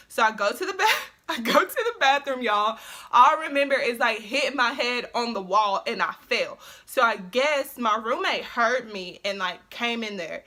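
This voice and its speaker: Bright, high-voiced young woman vlogger. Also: moderate pace. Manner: animated, swearing, lots of slang and fillers. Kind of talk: casual storytime.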